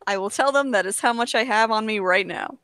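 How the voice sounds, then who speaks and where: Give me a playful woman player with a bright voice, recorded dry and close. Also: a little high, brisk, no echo. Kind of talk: tabletop role-play.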